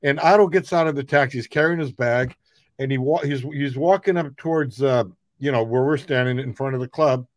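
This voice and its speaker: A middle-aged man, a comedian guest, telling rambling, animated anecdotes. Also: mid-range voice, a little fast, no room sound. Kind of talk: casual storytelling.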